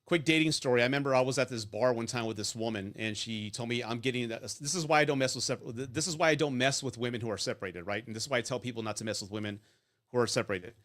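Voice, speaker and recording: Very fast speech comes in a mid-range, fairly bright male voice. The man hosts a live stream offering divorce and dating advice, blunt and profane in manner, telling stories and asking "right?" constantly.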